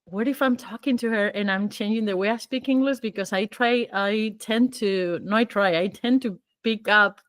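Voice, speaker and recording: A native Spanish-speaking woman hosting a casual chat in English. She talks in a lively way, pauses to search for words and laughs a lot. The sound is close and dry. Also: mid-range voice, no room sound. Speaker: podcast host. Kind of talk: casual conversation.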